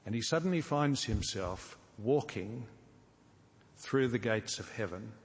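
A man delivers a sermon in an earnest, deliberate way, leaning into key words and playing out imagined scenes. His voice sits at an ordinary middle pitch. The sound carries a long reverb, as in a large church hall. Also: lively intonation. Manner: earnest, slows down for emphasis, acts out imagined scenes. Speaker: preacher.

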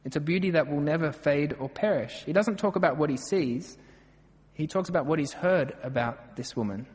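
A man's voice: on the high side, normal speed, a little mellow, in a large hall. An Australian man preaching a sermon, earnest and emphatic as he works through a passage verse by verse.

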